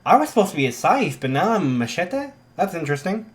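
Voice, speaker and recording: A man doing an eager excitable teenage boy. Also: high voice, fast, voice pushed up. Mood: baffled. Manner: eager and raised.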